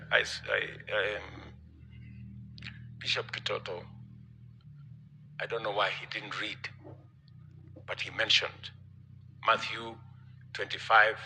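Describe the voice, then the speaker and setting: A man's voice: lowish voice, creaky, pushed and bright, a little hiss or hum, poor audio. A man with a Kenyan accent giving an emphatic public speech to church leaders, repeating his key phrases. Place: conference hall.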